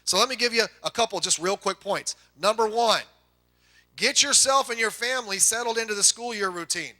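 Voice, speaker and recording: A middle-aged man preaching a sermon to a congregation, telling folksy family stories with quick asides. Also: high-pitched, pushed and bright. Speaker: pastor.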